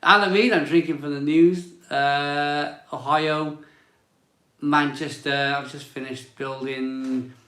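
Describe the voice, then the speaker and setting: A man's voice: on the high side, fairly even intonation, slow pace, sharp tone, reverberant. A man hosting a casual beer live stream, chatting and greeting viewers as he reads their comments aloud.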